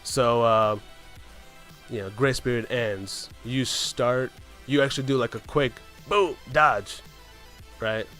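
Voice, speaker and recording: A man's voice: medium pitch, steady tone, unhurried, fairly bright tone, soft background music. A man casually telling a story about a game run, rambling along and often tagging on "right?" and "man". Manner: rambling, keeps asking "right?" and saying "man".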